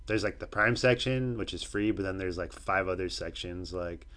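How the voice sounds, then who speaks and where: Rambling young man with a low voice. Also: normal speed. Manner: rambling, loose, puts on loud mocking voices when quoting people. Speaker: podcast co-host. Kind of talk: casual profane chat.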